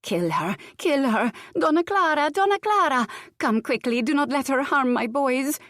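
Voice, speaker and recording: A woman's voice: fairly low pitch, expressive, normal speed, no room sound, clean studio sound. A woman reading an audiobook voices a haughty, vengeful noblewoman who screams and threatens in melodramatic outbursts. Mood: screaming.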